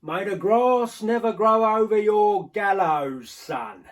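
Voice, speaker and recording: A man's voice: high voice, lively intonation, takes it slowly, far from the mic. An actor playing a middle-aged, bitter former henchman who rambles on in sardonic, confiding asides. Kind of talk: audio drama monologue.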